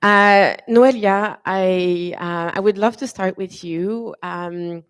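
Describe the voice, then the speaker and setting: A woman moderating a conference panel, chatty and warm to her guests, with many fillers and restarts. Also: mid-range voice, takes it slowly, clean tone, no room sound. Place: conference room.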